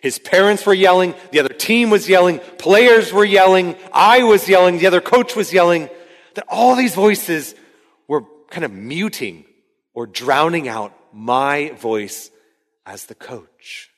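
A male pastor in his thirties delivers a conversational sermon in a church sanctuary. His voice sits a little high for a man and bursts into shouts when he reenacts a story. A long hall reverb trails his words from the stage mic. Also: animated, a little slow. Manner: conversational, rising to shouts when acting out yelling. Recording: hall reverb from a large room.

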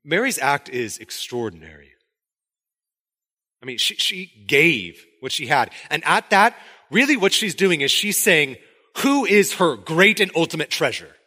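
A man's voice: on the high side, measured pace. A man preaching a sermon in a conversational way, acting out quotes from the story as he goes. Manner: conversational, animated, acts out quotes. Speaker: pastor.

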